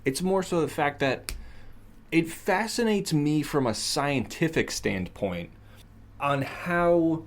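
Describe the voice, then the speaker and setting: A man's voice: on the high side, expressive, slow. Wry, jokey male co-host. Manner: wry, jokey, musing aloud. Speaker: podcast co-host. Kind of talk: casual chat.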